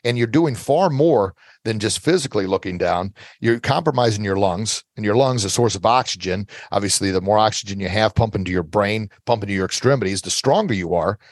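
A middle-aged man with a lowish voice talks listeners through confidence tips like a coach, earnest and steady, leaning on repeated phrases. The sound is dry and close, with no room around it. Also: a little fast, hardly any pauses, no room sound. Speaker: self-defense instructor guest. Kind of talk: motivational interview advice.

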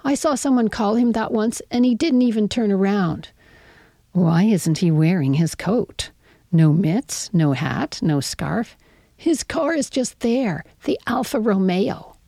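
A woman's voice: mid-range voice, animated, unhurried, creaky, dark tone, no echo. A woman reading her own first-person story aloud in a wry, conversational way, sometimes dropping to a whisper.

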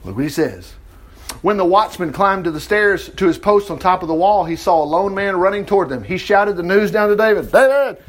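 A man's voice: sits high, fairly quick. A man reading a Bible passage aloud and breaking off into chatty, chuckling asides to his listeners. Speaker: Bible teacher. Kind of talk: Bible reading with off-the-cuff commentary.

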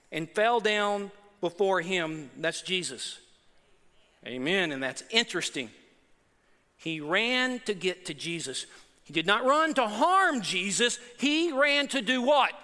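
A man's voice: extremely high pitch, bright, forceful tone, big-room sound. A male pastor preaching a sermon in a church, emphatic and repetitive.

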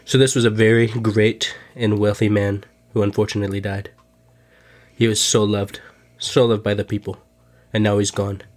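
A man putting on a bragging older politician who circles back to himself at every turn, repeating his boasts over and over. The voice sits low and flat, with barely any rise or fall. It is played as a comedic podcast sketch. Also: moderate pace, close to an everyday voice. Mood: rambling. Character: boastful older male ex-president, self-obsessed.

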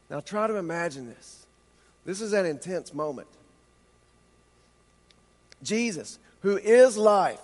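A man preaching a sermon with impassioned rhetorical questions, slowing down for emphasis. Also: high-pitched, in a large hall. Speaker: pastor.

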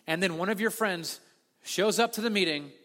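Pastor guy giving a sermon, fairly high voice, big echoey church hall. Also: moderate pace. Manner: animated storytelling, acts out quoted voices. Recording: long hall reverb.

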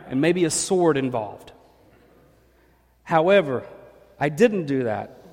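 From a church pulpit, a pastor spins a funny personal story, full of lively, joking energy. His voice is a bit high for a man, and a long hall echo trails after each word.

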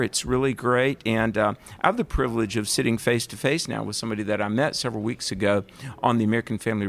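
This Southern-accented man hosts a radio interview in a loose, chatty way, enthusiastic and prone to rambling. He has a gravelly, mid-range voice.

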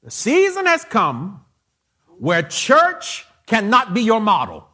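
A man preaching in a church with a husky, high-pitched voice that swings widely up and down. He takes his time, hammering each phrase in slow repetition until it breaks into shouts. A prophetic sermon delivered from the pulpit. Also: huge pitch swings. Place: church sanctuary.

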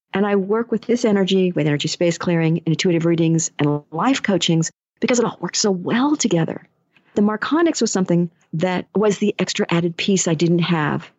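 A woman's voice: on the low side, moderate pace, a little mellow. A woman talks in a casual monologue, a chatty storyteller who slips into the voices of the people she quotes. The sound is dull and lo-fi, with no room echo at all. She speaks as an energy healer and life coach.

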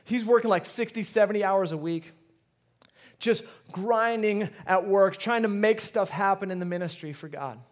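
A man with a high voice preaches a sermon. He is middle-aged and tells stories, often repeating a word before pushing on with rising emphasis. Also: moderate pace. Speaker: pastor.

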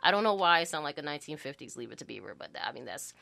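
A woman educator hosts her podcast in a relaxed monologue, giving encouragement. Her voice is bright and sits low. It is recorded close and dry. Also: racing, creaky, dry recording. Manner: warm-hearted, preachy encouragement with fillers.

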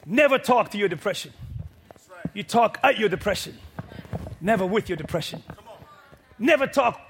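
A man preaching a sermon to a congregation, building from quiet, low lines to loud, shouted peaks with rhythmic repetition. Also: expressive, moderate pace, gravelly, slight background noise. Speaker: pastor. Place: church.

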